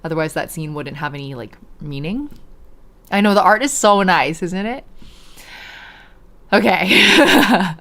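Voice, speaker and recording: A woman's voice: lowish voice, big pitch swings, moderate pace, fairly bright tone. A woman streamer chatting with her viewers, giggling often and reading visual novel prose aloud with a dramatic lilt. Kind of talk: casual let's-play chat, reading a visual novel aloud.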